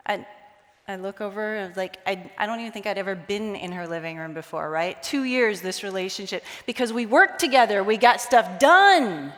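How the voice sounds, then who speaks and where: A woman's voice: a little high, normal speed. A woman giving a storytelling conference talk, acting out bits of dialogue as she goes. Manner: animated, acts out quoted dialogue. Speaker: conference speaker. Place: large conference hall. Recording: long hall reverb.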